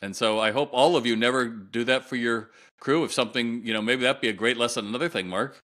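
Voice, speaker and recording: A man's voice: medium pitch, fast talker, fairly bright tone. A middle-aged man, a guest retail consultant, telling a long story in an interview and acting out the voices of the people in it.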